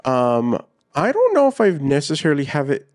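A man co-hosting a casual podcast, speaking in an easygoing, halting way. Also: a little high, huge pitch swings, darkish tone, no echo, clean studio sound. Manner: easygoing, halting, lots of fillers. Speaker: podcast co-host.

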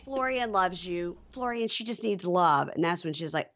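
Low-voiced woman, lively gossip recap. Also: brisk, few pauses, highs cut off. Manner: acts out quotes with lively pitch jumps. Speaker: podcast co-host. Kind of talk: casual recap chat.

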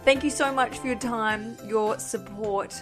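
A woman's voice: on the high side, unhurried, music in the background. Chatty, ranty woman podcast host. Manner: chatty and ranty, swears casually, self-deprecating. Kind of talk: casual solo podcast chat, answering listener voice messages.

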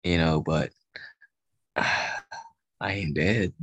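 A man co-hosting a casual podcast chat, talking in a relaxed, rambling way full of fillers. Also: extremely low pitch, very slow, husky, no room sound. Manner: relaxed, filler-heavy talk with laughs. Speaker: podcast co-host.

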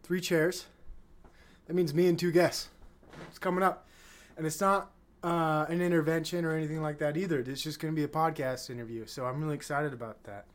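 A man's voice: on the high side, fairly even intonation, a little fast. A flustered man hosting his own podcast, out of breath and rambling, swearing often as he fights his camera. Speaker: podcast host. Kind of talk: casual solo podcast chat. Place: small room with chairs, fan running.

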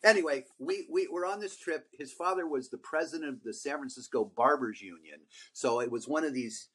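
A man's voice: medium pitch, a little fast, slightly rough. An older man co-hosting a podcast, telling long stories in a casual, rambling way with lots of fillers. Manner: rambling, animated storyteller with many fillers. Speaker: podcast co-host. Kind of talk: casual storytelling chat.

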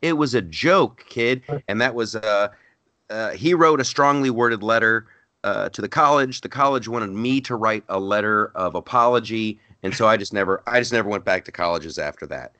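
Bright-voiced man, dry close sound. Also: lowish voice, moderate pace, dry recording. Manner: animated, repeats words when starting sentences. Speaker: stand-up comedian guest. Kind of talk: casual interview storytelling.

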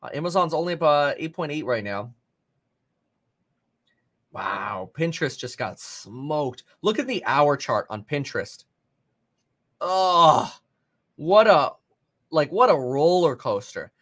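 A man hosting a live stock market stream, giving casual running commentary with sudden excited outbursts. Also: a little high, a little slow. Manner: casual, thinking aloud, bursts of excited exclamations. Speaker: stock market livestream host.

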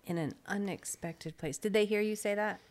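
Chatting casually as co-host of a faith podcast, this middle-aged woman teases and laughs readily. She speaks at a moderate pace in a mid-range voice.

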